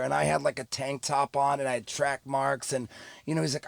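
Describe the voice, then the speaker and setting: A man's voice: medium pitch, steady tone, brisk, vocal fry, dry recording. A middle-aged man, telling a story candidly and rambling as a podcast guest, full of fillers and restarts. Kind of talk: casual storytelling.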